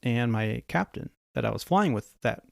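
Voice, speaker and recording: A man's voice: medium pitch, lively intonation, moderate pace, creaky, no echo, clean studio sound. A man who hosts a podcast and flies for an airline, telling anecdotes in a conversational way and acting out the other people in his stories. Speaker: podcast host and airline pilot. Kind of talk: casual anecdotal storytelling.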